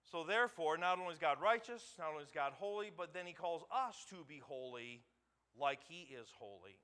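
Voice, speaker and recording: Male preacher, sermon delivery, pitched a bit high, sharp bright tone, swells to loud emphasis. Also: lively intonation, normal speed, clear, resonant tone. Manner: repeats words for emphasis, asks the congregation questions. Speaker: pastor.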